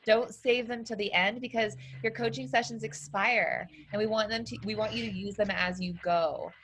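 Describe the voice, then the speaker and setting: A woman's voice: mid-range voice, steady tone, moderate pace, background noise. A woman co-hosting a business training call, giving upbeat, encouraging announcements and explaining steps to members. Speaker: business coach and co-host.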